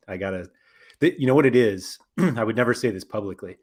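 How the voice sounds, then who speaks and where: A man's voice: mid-range voice, lively intonation, fast talker, darkish tone, breathy edge. Rambling man hosting a casual podcast. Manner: rambling, self-correcting, frequent fillers. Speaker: podcast host.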